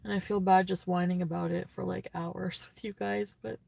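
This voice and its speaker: A woman's voice: fairly low pitch, little pitch movement, normal speed, vocal fry, darkish tone, dry recording. Young woman vlogger, tearful, rambling vent full of "like"s and sighs. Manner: rambling, filler-heavy, sighing and venting. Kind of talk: rambling casual vlog talk.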